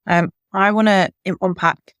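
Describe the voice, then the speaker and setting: A woman's voice: mid-range voice, fairly even intonation, moderate pace, smooth, dry recording. Probing woman interviewer, dry sound. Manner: probing, thoughtful. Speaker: podcast co-host. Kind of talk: interview questions.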